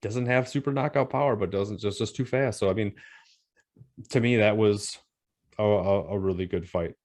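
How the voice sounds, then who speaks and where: A man co-hosting a casual boxing podcast, talking in a halting way with frequent pauses and restarts. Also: lowish voice, darkish tone. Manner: hesitant, many ums and restarts. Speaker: podcast co-host.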